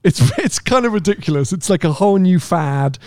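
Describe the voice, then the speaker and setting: Animated man on a podcast. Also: a little fast, no echo, studio quality. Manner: animated, laughing, jumps in pitch. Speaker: podcast co-host. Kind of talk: casual chat.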